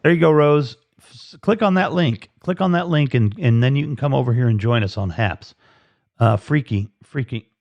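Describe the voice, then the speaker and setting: A man's voice: medium pitch, moderate pace, dry recording. Rambling man on a dull lo-fi stream. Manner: rambling, with many fillers and restarts. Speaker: live-stream host. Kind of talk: casual live-stream chat.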